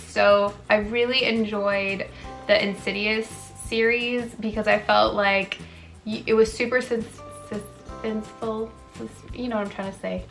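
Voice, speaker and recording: A woman's voice: mid-range voice, vocal fry, pushed and bright. Chatty young woman vlogger over faint music. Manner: chatty, filler-heavy, self-correcting, frequent "like" and "um". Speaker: wellness vlogger. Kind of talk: casual chatty facts video.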